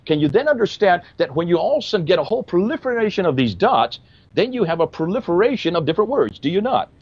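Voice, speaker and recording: A man's voice: high voice, very animated, fast talker, breathy edge, no echo, muffled recording. A man explaining at length in a discussion, emphatic and fond of rhetorical questions. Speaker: Christian apologist explaining history. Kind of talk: lecturing discussion.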